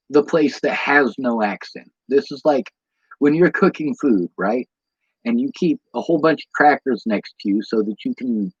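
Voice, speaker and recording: Sleep-deprived and meandering, a Midwestern American man chats casually with his livestream audience, going off on tangents full of ums. His voice is mid-range and slightly rough, and the dull lo-fi stream audio has no echo.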